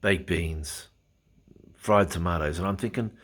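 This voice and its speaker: A middle-aged man with an Australian accent, his voice sitting very low. He rambles along in a chatty, casual travel diary, blunt and prone to the odd swear word. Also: a little slow, a bit bright, breathy edge. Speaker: travel vlogger.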